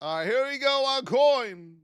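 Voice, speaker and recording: A man's voice: very high-pitched, expressive, a little slow, a bit bright, clear, resonant tone, no echo. A man hosting a live trading stream in a blunt, chatty way, telling stories, reading out price levels and calling out to viewers by name.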